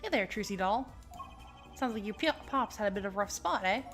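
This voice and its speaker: A woman doing a gruff old noodle vendor. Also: mid-range voice, lively intonation, fairly quick, faint music behind, close to an everyday voice. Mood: pushy. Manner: folksy, loud, ends lines with "eh". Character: gruff older male noodle vendor, pushy.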